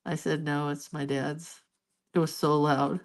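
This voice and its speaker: An older woman chatting casually as she colors, rambling into stories with soft, murmured asides at her art desk. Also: low-pitched, little pitch movement, a little slow. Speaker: art vlogger. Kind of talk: casual chat while coloring.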